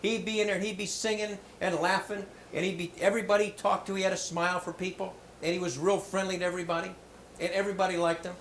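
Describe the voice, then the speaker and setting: Animated joking man in a roomy hall. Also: high-pitched, fast talker. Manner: animated, joking, hammy storyteller. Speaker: motivational speaker. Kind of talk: storytelling talk to schoolchildren. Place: school hall. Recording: roomy hall with faint background noise.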